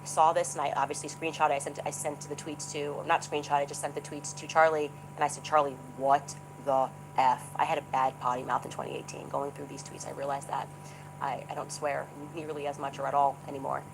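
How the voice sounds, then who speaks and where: Low-voiced woman telling a story. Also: little pitch movement, fast, creaky, noisy background. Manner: reads quotes aloud, dramatic emphasis. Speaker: speaker in a played clip. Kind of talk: storytelling monologue.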